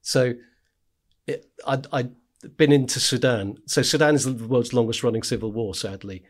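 A man's voice: mid-range voice, normal speed. A man, a war correspondent, telling stories in a casual podcast chat, with frequent "right?" asides and laughing as he talks.

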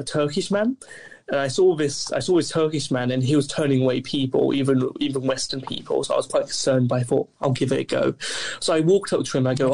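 Gravelly, flat-voiced young man. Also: medium pitch. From Wales. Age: young adult. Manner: rambling, dry deadpan delivery with many fillers. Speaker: guest. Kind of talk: casual storytelling in an interview.

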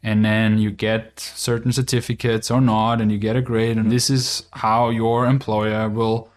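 A man's voice: lowish voice, little pitch movement, measured pace. A young man with an Austrian accent, hosting a podcast as a casual monologue, blunt and informal and swearing freely. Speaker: podcast host.

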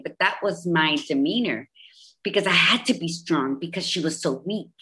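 A low-pitched woman in her fifties talks openly as an interview guest. She tells her story with emphasis, repeating phrases to drive her points home. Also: normal speed. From Bridgeport, Connecticut, US. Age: 50s. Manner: emphatic, repetitive, animated storytelling. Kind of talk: candid personal interview.

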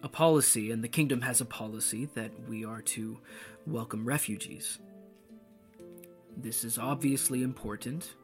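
A man's voice: medium pitch, soft background music, close to an everyday voice. A man voicing a stern, cautious guard captain. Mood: grave. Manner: measured, formal and cautious. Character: stern pragmatic male city guard captain.

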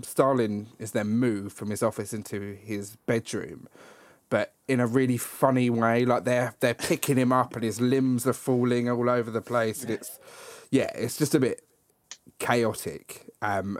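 A man's voice: fairly low pitch, no room sound. A man hosting a casual podcast chat about a film, rambling with many ums and frequent laughs. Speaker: podcast host.

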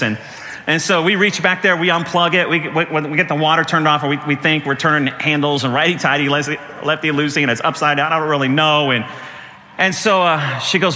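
A middle-aged man, a pastor, preaching a sermon with animated storytelling, laughing through his stories and jumping high in pitch when he acts out panic. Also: a little fast, long reverb tail, a little hiss or hum. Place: church.

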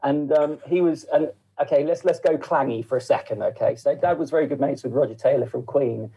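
A man's voice: medium pitch, brisk, vocal fry, dark tone, husky, muffled recording. A middle-aged man, a podcast guest chatting casually and rambling with lots of fillers. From England. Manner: rambling, full of fillers and asides. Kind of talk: casual interview chat.

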